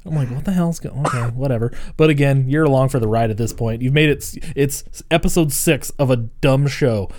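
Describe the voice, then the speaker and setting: A man's voice: medium pitch, fairly quick, few pauses, darkish tone. A man co-hosting a casual podcast, recapping a show in a loose, profane way and laughing often. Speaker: podcast co-host.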